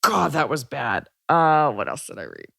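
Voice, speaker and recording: A woman's voice: sits low, very animated, moderate pace, vocal fry, sharp tone. A woman from Texas hosting a podcast, chatting casually in a rambling, wry and blunt way with lots of fillers. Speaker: podcast host.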